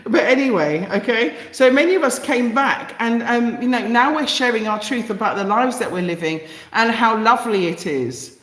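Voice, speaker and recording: An East London woman with a London English accent hosts a live stream, reading out viewer comments and greeting people in the chat with passion and emphasis, repeating phrases for effect. Her fairly high, fairly bright voice is animated and comes at a moderate pace with few pauses, in a reverberant space.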